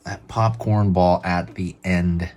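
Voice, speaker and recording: Man, lowish voice, relaxed chatty drawing-tutorial host who talks through every line he draws. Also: takes it slowly. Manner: relaxed, chatty, narrates each pen stroke. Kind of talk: casual step-by-step drawing instruction.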